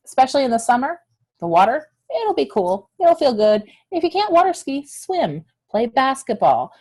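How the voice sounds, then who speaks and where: A woman's voice: medium pitch, a little mellow. A woman health educator giving a friendly, encouraging lesson straight to young viewers. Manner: encouraging, direct address to kids.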